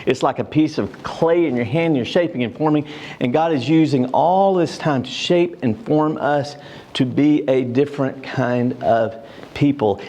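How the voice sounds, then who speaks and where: A man's voice: fairly high pitch, a little mellow. Older man teaching a church class. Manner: storytelling, with frequent fillers and restarts.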